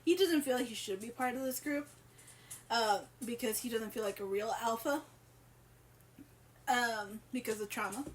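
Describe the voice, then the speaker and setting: A woman's voice: on the high side, moderate pace, long pauses, slight background noise. A woman co-hosting a podcast, telling a story in a giggly, profane, rambling way. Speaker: podcast co-host. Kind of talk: casual storytelling chat.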